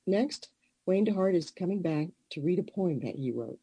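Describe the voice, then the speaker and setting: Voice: medium pitch, expressive, normal speed, dark tone, breathy edge, no echo. A show host introducing the next guests and then responding after a poem.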